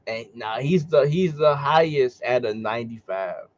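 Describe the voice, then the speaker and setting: A laid-back man with a mid-pitched voice, co-hosting a podcast in casual chat. The recording sounds dull and lo-fi. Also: lively intonation, moderate pace. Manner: laid-back, laughs a lot. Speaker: podcast co-host.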